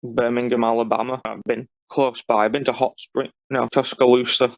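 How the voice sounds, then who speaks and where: A man's voice: mid-range voice, flat delivery, normal speed, vocal fry, dry recording. A man co-hosting a podcast, giving dry, matter-of-fact commentary in casual chat. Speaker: podcast co-host. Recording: dull lo-fi recording.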